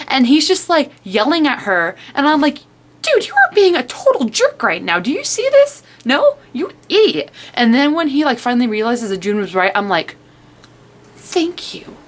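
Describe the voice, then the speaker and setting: A young woman reviewing a book in a casual vlog, excitable and rambling, full of "like" and acting out her own reactions. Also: mid-range voice.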